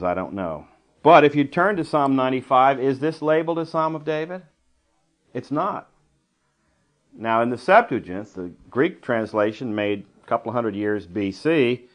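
Man, low voice, Bible teacher, verse-by-verse lesson, conversational, dry asides. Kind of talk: Bible study lecture.

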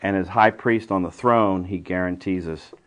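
A man's voice: deep voice, moderate pace. Man preaching a Bible-study sermon. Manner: teaching Bible study, explaining Greek words, emphatic.

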